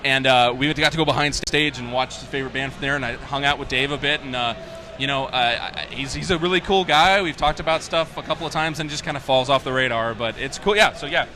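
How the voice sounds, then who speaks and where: Excitable fast-talking man. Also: medium pitch, background noise. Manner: enthusiastic, animated storyteller. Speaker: game developer. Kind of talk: casual interview.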